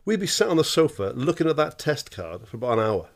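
A man's voice: fairly high pitch, big pitch swings, fast talker. A middle-aged man co-hosting a podcast, blunt and sweary, telling stories with laughing asides. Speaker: podcast co-host. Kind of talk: casual chat.

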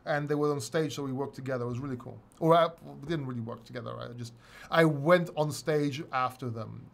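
A man's voice: mid-range voice, brisk, creaky. A middle-aged man hosting a casual livestream chat, rambling, swearing and laughing often. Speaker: host.

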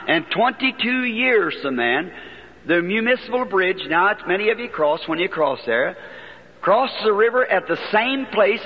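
A man's voice: sits high, a little hiss or hum. A man preaching in a large auditorium, telling a childhood story in a folksy, earnest way on an archival recording. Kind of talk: sermon testimony storytelling. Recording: dull archival 1950s sermon recording in a long-echo hall.

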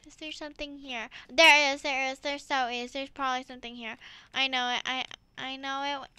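A woman narrates her game in a high, piercing, very bright voice, veering from unhurried musing to squealing excitement and giggles. She speaks close to the mic in a dry, dead room with no echo. The delivery is playful commentary for viewers. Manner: excitable, squeals and laughs while playing. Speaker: gaming YouTuber.

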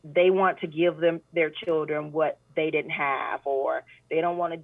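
A woman guest talking earnestly in a casual interview chat, often animated and full of fillers. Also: low-pitched, unhurried, creaky, dry recording. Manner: earnest, animated when retelling, many fillers. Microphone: phone call. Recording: tinny phone line.

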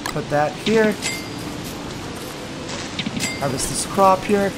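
A young man giving casual commentary on his own gameplay, talking to himself and bursting into loud, exasperated yelps. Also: on the high side, moderate pace, pauses often, background noise. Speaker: let's play gamer.

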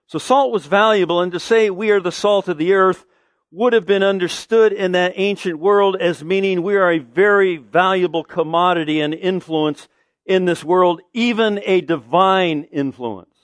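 A man's voice: high voice, normal speed, no room sound, studio quality. A man preaching a sermon as pastor, emphatic, asking the listeners questions and answering them.

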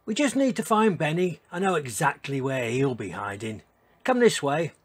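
A man voicing a cheerful, eager young female dinosaur in a storybook reading, talking in a bright, excited way. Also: fairly high pitch, normal speed.

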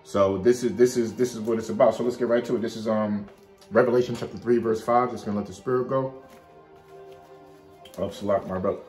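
A man giving an informal Bible study, chatting loosely and reading scripture aloud slowly. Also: fairly low pitch, fairly even intonation, a little mellow, reverberant, faint music behind. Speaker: Bible teacher.

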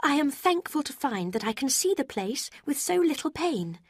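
A woman voicing an emotional, remorseful young woman with a high, slow, heartfelt delivery. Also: sing-song, no echo, studio quality. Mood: earnest, remorseful.

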